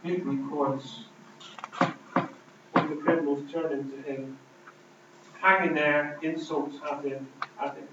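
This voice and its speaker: A man preaching a sermon, emphatic, swinging between loud declarations and hushed lines. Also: a little high, measured pace, pauses often, noisy background. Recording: distant, roomy, dull hall recording.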